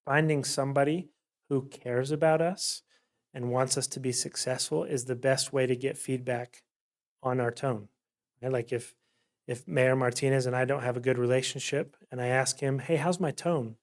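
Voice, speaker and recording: A man's voice: mid-range voice, little pitch movement, normal speed. A man leading a workshop presentation at a city council meeting, talking in a chatty way and often checking in with "right?". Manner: chatty, keeps asking "right?". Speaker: workshop facilitator. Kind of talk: conversational presentation.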